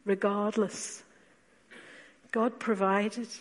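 A woman preacher delivers a sermon at an unhurried, deliberate pace. Her voice sits at an ordinary middle pitch, and she leans on rhetorical questions, then drops into quiet asides. A long church reverb trails after each phrase. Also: level tone.

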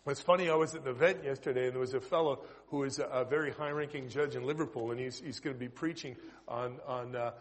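A middle-aged man with a Canadian accent, preaching a sermon as an Anglican priest and prison chaplain, chatty and lively, swinging between loud bursts and quiet asides. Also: medium pitch, fast. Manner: lively, conversational preaching with sudden loud bursts and soft drops.

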